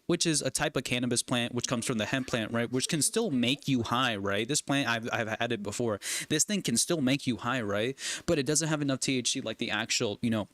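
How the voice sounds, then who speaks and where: A man's voice: mid-range voice, a bit bright, dry recording. A man streaming a video game, chatting casually and rambling, ending almost every phrase with "right?" or "you know what I mean?". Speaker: gaming streamer. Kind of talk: casual chat while gaming.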